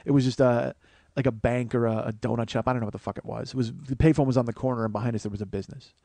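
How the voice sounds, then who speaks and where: A man's voice: medium pitch, very fast, creaky, dry recording. A man in his forties, a comedian and podcast host, telling a personal story in a casual, profane way. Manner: profane, conversational, animated quotes.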